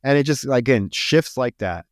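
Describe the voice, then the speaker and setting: A man co-hosting a podcast, casually talking through a film, blunt and profane, retelling scenes with quick acted quotes. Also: mid-range voice, expressive, clean tone, no room sound, studio quality. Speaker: podcast co-host.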